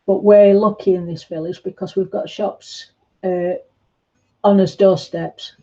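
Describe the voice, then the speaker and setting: A woman chatting gently on a livestream, answering viewers' comments in a reassuring way. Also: medium pitch, fairly even intonation, a little slow, lo-fi sound. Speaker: livestream host. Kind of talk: casual livestream chat reading comments.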